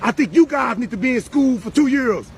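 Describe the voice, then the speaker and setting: A man's voice: very high voice, lively intonation, fairly quick, a little hiss or hum. A man speaking emphatically in a confrontational monologue, repeatedly pressing his point. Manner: emphatic, repeats "you hear me".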